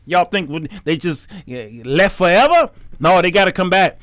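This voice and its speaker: High-voiced colloquial preaching man. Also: expressive, moderate pace, fairly bright tone, no room sound. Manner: emphatic, colloquial, repeats words. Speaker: talk show host teaching the Bible. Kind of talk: Bible teaching sermon.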